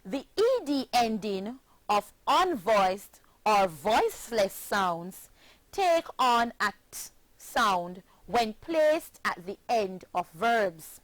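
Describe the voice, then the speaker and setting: A woman from Jamaica teaching a pronunciation lesson, speaking clearly and deliberately and spelling words letter by letter. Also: medium pitch, big pitch swings, dry recording. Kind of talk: slow classroom pronunciation lesson.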